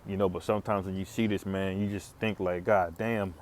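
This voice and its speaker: A man's voice: sits low, fairly even intonation, brisk, darkish tone, slight background noise. A man hosting a casual religious commentary video, rambling with many fillers and restarts and chuckling now and then. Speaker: commentary channel host.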